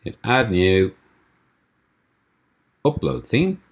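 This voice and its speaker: A man from a theme company walking through a screencast tutorial, explaining steps in a relaxed way with frequent ums and restarts. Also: fairly low pitch, drawn-out words. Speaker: theme developer giving a tutorial.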